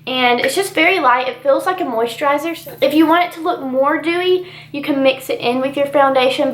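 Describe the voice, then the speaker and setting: High-voiced congested young woman vlogging. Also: reverberant. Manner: chatty, relaxed product chatter with fillers. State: congested from allergies. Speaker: beauty vlogger. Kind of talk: casual talk-through makeup tutorial.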